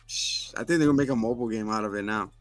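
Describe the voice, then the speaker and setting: A man's voice: lowish voice, racing, dry recording, soft background music. A man co-hosting a podcast, casually rambling through scene recaps and acting out quotes. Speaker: podcast co-host. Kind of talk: casual chat.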